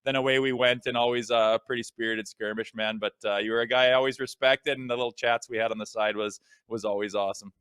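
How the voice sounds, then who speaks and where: A man co-hosting a casual show, a former hockey player telling stories in a relaxed, conversational way. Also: medium pitch, fast talker, hardly any pauses, clean tone, no echo. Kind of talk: casual storytelling chat.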